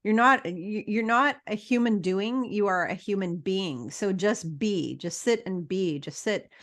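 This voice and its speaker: A middle-aged woman with an average-pitched voice hosts an interview in a loose, conversational way. She talks emphatically and bluntly to her listeners, lecturing them and dropping swear words along the way. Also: a little slow. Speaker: podcast host.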